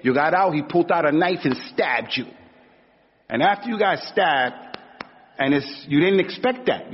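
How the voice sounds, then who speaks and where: A man's voice: fairly high pitch, breathy edge. A man giving an informal sermon in a conversational, slangy way, acting out little stories as he goes. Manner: conversational, street slang, acts out anecdotes. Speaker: preacher. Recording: dull recording with long hall reverb.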